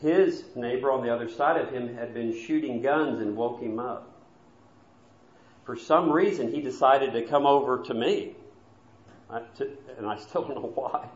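A man preaching a sermon in a church, telling a story earnestly and sometimes dropping to soft, quiet asides. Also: a little high. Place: church sanctuary. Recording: dull, roomy church recording.

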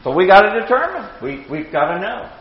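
A man in his sixties teaching a Bible class with anecdotes, animated, chuckling and repeating words as he starts sentences. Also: high-pitched, fairly quick. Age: 60s. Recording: echoey hall, dull lo-fi sound.

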